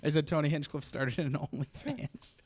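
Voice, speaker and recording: A man's voice: on the high side, moderate pace, a little mellow, slight background noise. A man hosting a casual podcast, joking, firing off questions and swearing freely. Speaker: podcast host.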